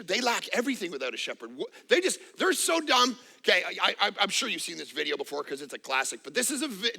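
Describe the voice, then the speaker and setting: Pastor, man, 40s: sharp, bright-edged voice, high-set, emphatic repeating sermon delivery with quips. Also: creaky. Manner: emphatic, repetitive, joking asides.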